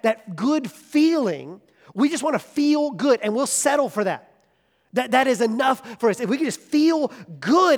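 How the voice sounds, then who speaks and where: A man in his thirties preaching a sermon to a camp crowd, telling a personal story with animated, emphatic delivery. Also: high voice. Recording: long hall reverb.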